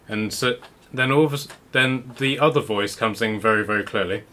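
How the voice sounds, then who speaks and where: A man's voice: medium pitch, brisk, few pauses, bright, forceful tone. A man narrating as game master, rambling a little with restarts as he describes the scene. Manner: rambling, many restarts and fillers.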